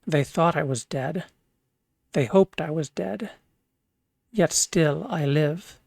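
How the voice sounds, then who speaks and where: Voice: mid-range voice, slow, vocal fry, a little mellow, no room sound, clean studio sound. Streamer playing a grave old archmage. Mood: commanding. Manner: grave, stately. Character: old wizard, grand and commanding. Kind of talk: reading game dialogue aloud.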